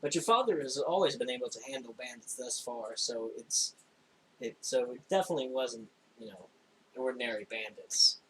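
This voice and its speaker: A young man narrating a tabletop game as game master, in a casual, halting way with frequent laughs. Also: medium pitch, slight background noise, poor audio. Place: home room, recorded for a stream.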